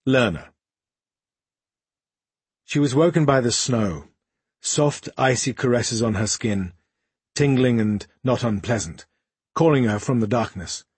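A man reads an audiobook aloud in a steady storytelling manner. His voice is husky and breathy at the edges, at an ordinary pitch. The recording is dry and close. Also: measured pace, pauses often, no echo. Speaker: audiobook narrator. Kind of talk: scripted narration.

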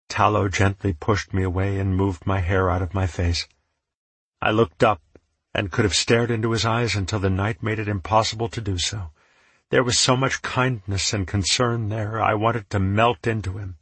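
Low, husky male audiobook narrator. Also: moderate pace, fairly bright tone, no echo. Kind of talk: first-person story narration.

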